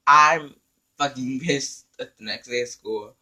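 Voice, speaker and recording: A man telling an animated, profane story in a storytime vlog, acting out the dialogue. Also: medium pitch, measured pace. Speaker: vlogger.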